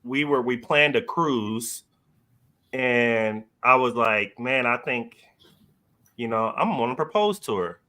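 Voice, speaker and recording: A man with a bright, forward voice spins a personal story as a podcast guest. He talks loosely and casually, full of fillers and quick laughs, at an everyday pitch. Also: animated. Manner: loose and slangy, heavy on fillers, laughs while telling.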